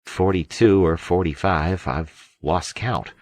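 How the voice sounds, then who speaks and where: A man voicing a meek, muddled little farmer on a fishing boat, talking softly and hesitantly. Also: low-pitched, slow, dry recording, studio quality.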